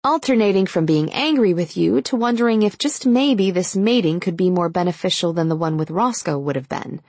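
Female narrator doing an observant young woman friend, measured, slightly husky. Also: on the low side, animated, a little mellow, dry recording. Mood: thoughtful.

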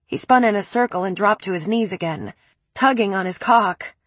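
Husky woman narrating a dark novel. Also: mid-range voice, normal speed, no room sound. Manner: intense, dramatic delivery. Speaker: audiobook narrator. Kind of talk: first-person novel narration.

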